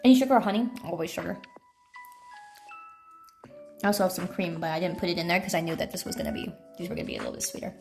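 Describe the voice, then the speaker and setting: A woman's voice: on the low side, rapid-fire, vocal fry, pauses often, darkish tone, soft background music. A young American woman from California chatting casually on a phone livestream while tasting snacks, with offhand swearing. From California, USA. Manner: chatty, talks to chat between bites, swears casually.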